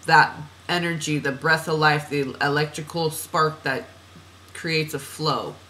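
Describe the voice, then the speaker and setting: A woman's voice: sits low, fairly even intonation, a little slow, sharp tone, a little hiss or hum, poor audio. A woman reading oracle cards for a client in a chatty, meandering way, laughing at herself and drifting off on tangents. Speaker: oracle card reader. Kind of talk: spiritual card reading monologue.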